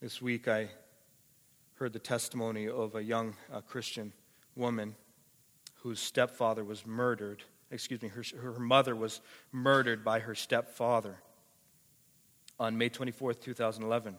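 A male pastor preaching a sermon, emphatic and repetitive, swinging from quiet to passionate. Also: mid-range voice, level tone, normal speed, long pauses. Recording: echoey hall reverb.

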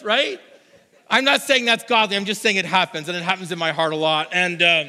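Man, pastor, sermon, high pitch, bright tone, animated storytelling, reverberant hall. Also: brisk. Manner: animated storytelling, mimics others.

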